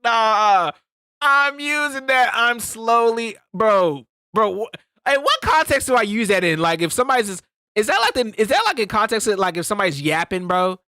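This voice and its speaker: A man's voice: high voice, sing-song, moderate pace, sharp tone, no room sound. A man streaming, reacting to a clip in a casual, slangy way, often laughing.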